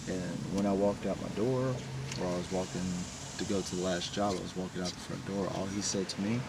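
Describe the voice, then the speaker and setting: A man's voice: deep voice, steady tone, brisk. A man talking in a raw, emotional personal confession, blunt and profane. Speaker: vlogger. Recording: distant mic with vehicle noise.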